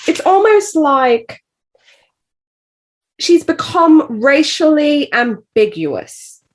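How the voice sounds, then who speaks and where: A woman co-hosting a book podcast, talking in a thoughtful, measured way with many "you know"s. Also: sits high, big pitch swings. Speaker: podcast co-host discussing a book. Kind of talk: casual chat.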